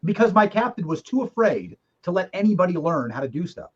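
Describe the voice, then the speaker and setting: Middle-aged male guest, quick and emphatic, somewhat high voice, candid and a bit profane, on a dull lo-fi recording. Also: big pitch swings, slightly rough. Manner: candid, emphatic storyteller who swears. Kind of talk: casual conversation.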